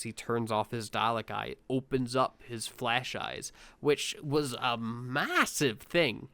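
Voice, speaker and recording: Dry, smooth-voiced man chatting casually. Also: mid-range voice, takes it slowly, hardly any pauses, dry recording. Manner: relaxed, swears freely, frequent fillers. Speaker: podcast co-host. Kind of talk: casual review chat.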